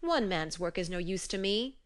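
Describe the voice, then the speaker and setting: A woman's voice: mid-range voice, animated, moderate pace, close to an everyday voice. A woman voicing a blustering male giant farmer in a storybook reading, her voice raised and urgent. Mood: commanding.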